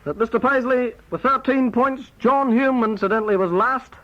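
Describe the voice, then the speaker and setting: A man with a Northern Irish accent playing a formal, brisk quizmaster in a comedy sketch. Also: very high voice. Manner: brisk, formal quiz-host delivery. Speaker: comic quizmaster. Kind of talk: comic sketch on tape. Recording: dull old cassette tape with hiss.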